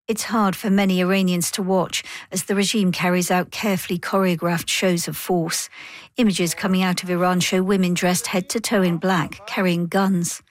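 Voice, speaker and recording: A woman correspondent narrating a broadcast news report in a steady, composed way. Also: fairly low pitch, moderate pace.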